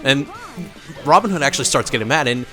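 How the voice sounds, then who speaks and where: A man's voice: mid-range voice, expressive, fast, sharp tone, faint music behind. A man doing casual let's play commentary, rambling through a story with many fillers and swearing at the game now and then.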